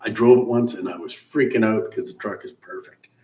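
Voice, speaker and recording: A man's voice: fairly low pitch, fairly quick, warm tone. A middle-aged man hosting a live car-building stream. He chats casually and rambles through shop-talk explanations, chuckling now and then. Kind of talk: casual live chat with viewers. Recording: roomy, distant mic with faint hiss.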